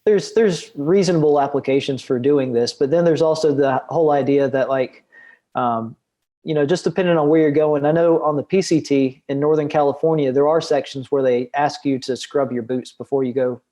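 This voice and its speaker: A young man with a mellow, warm voice that sits a bit high for a man. He talks in a loose, rambling way, trailing off and restarting as he explains things on a podcast. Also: steady tone, moderate pace. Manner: rambling, many fillers and restarts. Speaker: guest outdoor educator. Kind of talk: casual podcast chat.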